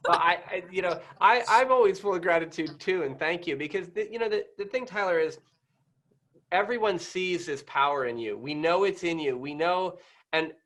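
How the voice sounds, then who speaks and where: A man guest who is a doctor, chatting casually in a rambling, halting way with many restarts. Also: high-pitched, lively intonation, fairly bright tone. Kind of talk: casual interview chat.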